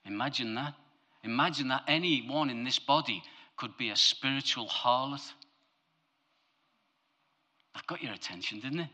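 A man preaching a lively, humorous sermon, his voice climbing to emphatic high peaks and dropping low for asides. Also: normal speed, pauses often.

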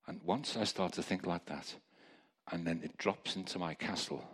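A man preaching a testimony sermon, telling stories in a lively way with chuckling asides. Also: low voice, normal speed, breathy edge. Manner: storytelling, animated, chuckling asides.

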